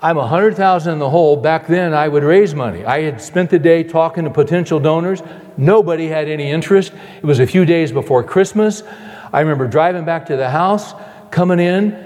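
Older male preacher, slightly high voice, telling a story in a sermon, long hall reverb. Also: fairly quick. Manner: storytelling, acts out his own past voice, drops soft and low at the end.

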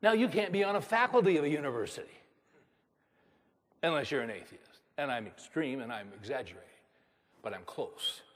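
A man's voice: medium pitch, animated, a little fast, long pauses, a bit bright, in a large hall. A man preaching a sermon as a pastor, moving from storytelling to emphatic preaching.

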